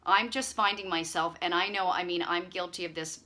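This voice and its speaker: A woman's voice: on the low side, fairly even intonation, brisk. A woman hosting her own channel, chatting casually to camera in a rambling, friendly way with lots of fillers. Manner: chatty, warm-hearted rambling with frequent fillers. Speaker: channel host.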